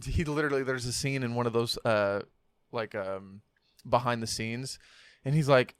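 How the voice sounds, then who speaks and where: A man's voice: medium pitch, moderate pace, fairly bright tone, clean tone, dry recording, clean studio sound. A man co-hosting a casual podcast, ranting his opinions with a lot of swearing. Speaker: podcast co-host. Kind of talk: casual chat. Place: home podcast setup. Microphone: studio mic turned sideways.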